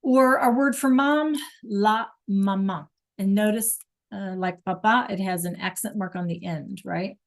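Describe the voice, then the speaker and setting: A woman's voice: medium pitch, a little slow, vocal fry. A woman teaching a Spanish class online over a video call, patient and checking in with students often.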